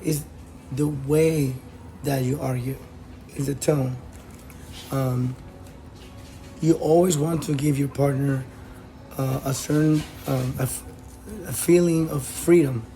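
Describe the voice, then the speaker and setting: Halting man giving relationship advice. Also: a little high, warm tone, rough recording. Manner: hesitant, many fillers and restarts. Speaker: advice host. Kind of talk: casual relationship advice talk.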